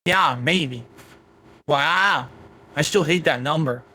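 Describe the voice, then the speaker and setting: A man's voice: a little high, takes it slowly, bright, forceful tone, exaggerated voice. A man's AI voice playing a rude, foul-mouthed male chatbot with a Southern US accent who insults the streamer. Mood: grumpy. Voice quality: crude, insulting, grumpy. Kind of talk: AI voice chatbot replies.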